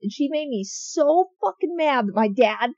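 A woman's voice: high voice, expressive, normal speed, dark tone, slightly rough, dry recording, dull audio. Blunt, swearing woman telling stories. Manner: blunt, swears freely, storytelling. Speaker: podcast co-host. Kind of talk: casual chat.

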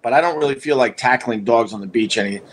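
A man's voice: medium pitch, fast, slight background noise. A man hosting a livestream, telling a long casual story in a restless, self-mocking way, full of restarts and asides. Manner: wry, self-mocking humor. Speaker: livestream host.

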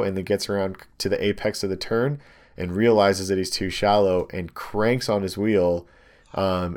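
Casual storyteller: young guy, lowish voice, animated and rambling with lots of filler words. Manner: rambling, animated storytelling with many ums and likes. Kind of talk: casual chat, telling a story.

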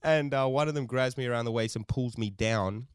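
A man co-hosting a podcast, telling a story in animated, casual chat, swearing often and laughing a lot. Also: medium pitch, fairly quick, clear, resonant tone, no echo, clean studio sound. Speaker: podcast co-host.

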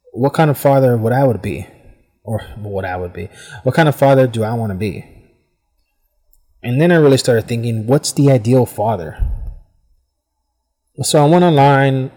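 A man's voice: medium pitch, mellow, long reverb tail. Rambling, thoughtful American man hosting a podcast. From United States. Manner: rambling, thoughtful, many "I mean" fillers. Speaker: podcast host. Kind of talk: casual reflective monologue. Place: hot room at home with fans running.

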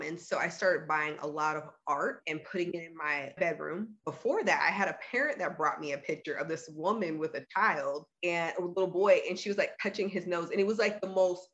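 A woman in her thirties candidly telling a personal story in conversation, earnest, with quick bursts and many fillers. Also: on the low side, a bit bright, lo-fi sound. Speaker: guest sharing her story.

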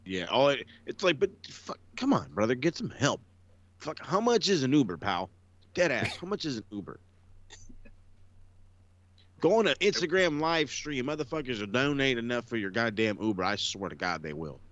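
A man's voice: medium pitch, big pitch swings, normal speed, fairly bright tone, no echo. A man on a casual podcast, blunt and profane, mocking what he talks about. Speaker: podcast co-host. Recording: dull dry mic sound.

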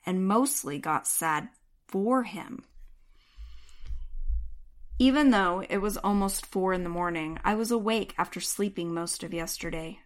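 Slow, measured woman narrating a novel. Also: fairly low pitch, a bit bright. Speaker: audiobook narrator. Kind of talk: first-person audiobook narration.

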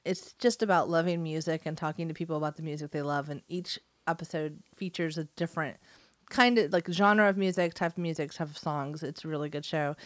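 A woman's voice: low voice, fairly quick, dry recording. A woman hosting a podcast, chatty and casual. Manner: chatty, filler-heavy. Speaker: podcast host. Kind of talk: casual chat.

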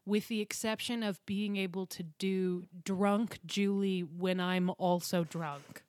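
A young adult woman chats casually as a podcast co-host and tells lively stories, often dropping into voices as she goes. Her pitch is middling and the sound is dry and close, with no room echo. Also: slow pace. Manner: animated storyteller, drops into voices and impressions. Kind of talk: casual chat.

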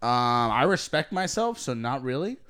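A man's voice: mid-range voice, sing-song, normal speed, fairly bright tone, clean tone. A young man hosting a casual joking chat, teasing and swearing, laughing often. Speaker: host.

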